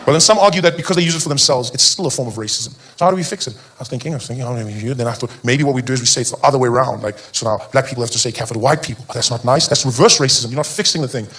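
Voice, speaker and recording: A man's voice: mid-range voice, racing, few pauses, a bit bright, husky. A South African man doing a stand-up comedy set on stage, rambling and self-interrupting with a playfully provocative edge. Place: comedy stage before a live audience.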